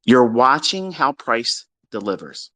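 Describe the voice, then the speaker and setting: A man's voice: mid-range voice, sing-song, takes it slowly, bright, forceful tone, no echo. A man who teaches trading, ranting bluntly and with heavy profanity at his followers during a live audio chat, mocking their excuses. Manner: blunt, profane and scolding, with mocking quoted voices. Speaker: trading mentor. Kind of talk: unscripted rant on a live audio space.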